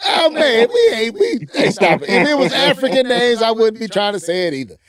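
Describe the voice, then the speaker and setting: A man's voice: very high-pitched, sing-song, fairly quick, a loud crowd. A man co-hosting a casual gaming podcast, reading an article aloud and breaking off with playful asides. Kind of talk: casual gaming news chat.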